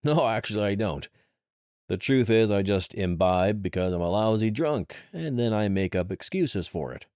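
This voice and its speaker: A man's voice: fairly low pitch, animated, a little mellow, no room sound, studio quality, voice pushed up, close to an everyday voice. A man doing a wisecracking cheery adventurer. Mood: wry. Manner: joking, quick comebacks.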